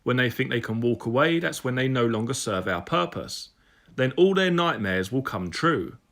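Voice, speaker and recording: A man voicing a senior police superintendent who speaks in a measured, menacing way. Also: medium pitch, lively intonation, fairly bright tone. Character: scheming senior male police superintendent, cold, confident.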